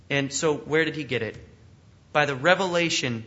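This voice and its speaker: A man's voice: on the high side, moderate pace, pushed and bright. A man preaching an expository sermon to a congregation, earnest and emphatic, often asking them questions. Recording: muffled, lo-fi recording.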